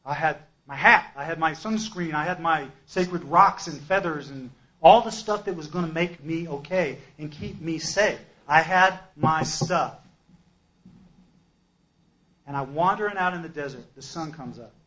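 A man giving a personal testimony at a recovery meeting, an emphatic storyteller who swings between loud outbursts and hushed asides. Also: a little high, moderate pace, hardly any pauses, low-quality recording.

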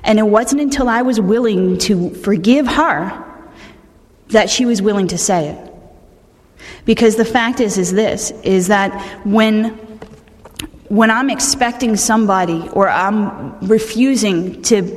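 Sharing her recovery story, a woman speaks candidly and conversationally, frequently restarting her sentences. She has a mid-range voice and takes her time, and the recording carries the long reverb of a large hall.

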